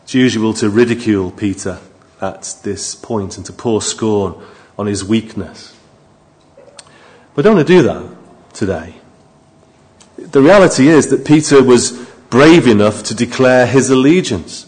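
A man preaching a sermon, moving from quiet, low asides to raised, emphatic appeals to his listeners. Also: animated, moderate pace, pauses often.

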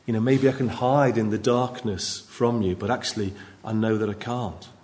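A man preaching a sermon into a microphone in a church, emphatic and lively, with asides to the congregation. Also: fairly low pitch.

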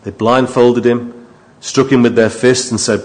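Male preacher, sermon delivery, mid-pitched voice, shifts between hushed lows and emphatic highs. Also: little pitch movement, normal speed. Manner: swings from quiet, low asides to raised emphatic appeals.

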